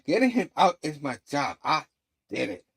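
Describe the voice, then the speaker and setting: A man's voice: a little high, very animated, normal speed, vocal fry, a bit bright, slightly rough, full character voice. A man reading a teasing young female lawyer's lines in a flippant tone, lightly voiced.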